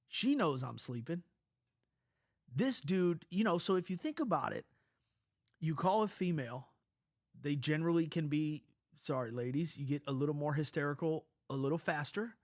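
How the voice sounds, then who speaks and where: A man's voice: fairly high pitch, no echo, studio quality. A man with a stuffy nose telling a personal story in a casual, rambling way, swearing often and restarting his sentences. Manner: profane, rambling, animated, with many restarts. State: stuffy from a cold.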